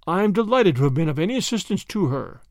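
A man voicing a polite, mysterious stranger who speaks calmly and reassuringly. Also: sits high, fast talker, no echo, clean studio sound. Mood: courteous. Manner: courteous, calm, reassuring.

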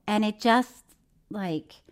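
A middle-aged woman co-hosting a podcast, chatting in an animated way and laughing easily. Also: medium pitch, takes it slowly. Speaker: podcast co-host. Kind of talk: casual chat.

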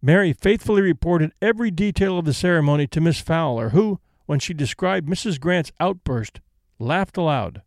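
This is a man reading a story aloud as an audiobook, at a measured and even pace. His voice sits a little high, and the recording is dry, with no room sound. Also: no room sound. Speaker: narrator. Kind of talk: audiobook narration.

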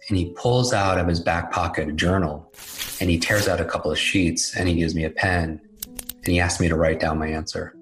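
A man's voice: deep voice, fairly even intonation, brisk, music in the background, rough recording. A man telling a personal story in a candid, self-deprecating, conversational way. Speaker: speaker telling his life story. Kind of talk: storytelling talk.

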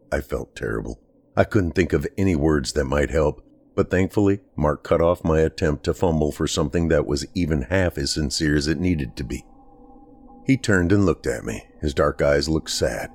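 A man narrating a first-person horror story in a measured, somber, deliberate way. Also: very deep voice, slight background noise.

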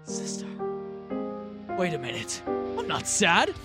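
A man playing a blustering British army captain in improvised comedic role-play, shouting a bombastic rallying speech that wavers into self-doubt. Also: a little high, huge pitch swings, slow pace, over loud music, exaggerated voice. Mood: doubting, wavering.

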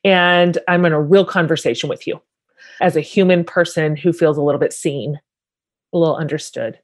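Woman host, low voice, reacting thoughtfully to her guest. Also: steady tone, normal speed. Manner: responsive, reflective reactions. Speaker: interview host. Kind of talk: conversational interview.

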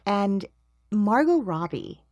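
A woman with a New Jersey accent hosting a podcast interview, playful and jokey, with quick asides. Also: mid-range voice, sing-song, darkish tone, dry recording, dull audio. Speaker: podcast host. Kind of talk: casual interview.

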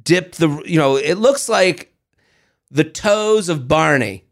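A man with a somewhat high voice co-hosts a casual podcast. He tells stories with animated energy and swears freely as he goes. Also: slow pace. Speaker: podcast co-host. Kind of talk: casual chat.

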